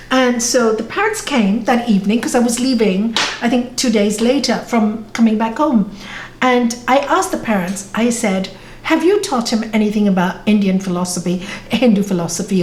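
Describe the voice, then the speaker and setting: A woman's voice: on the high side, expressive, normal speed. A woman spiritual teacher answering audience questions on a video call, telling stories earnestly and correcting herself as she goes. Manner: storytelling, warm and earnest, with self-corrections. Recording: echoey video call room with faint noise.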